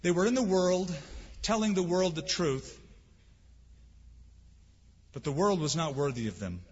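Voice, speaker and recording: A man's voice: fairly high pitch, lively intonation, unhurried, a little mellow, slightly rough. A man preaching a sermon as pastor, earnest and emphatic, with rhetorical questions. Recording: dull lo-fi sound with long hall reverb.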